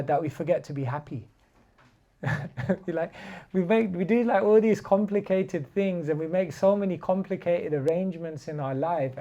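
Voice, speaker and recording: A man's voice: on the high side, dark tone. A man giving a casual spiritual class, chatty and laughing, telling stories with many fillers. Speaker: spiritual teacher. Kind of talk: casual sermon with storytelling.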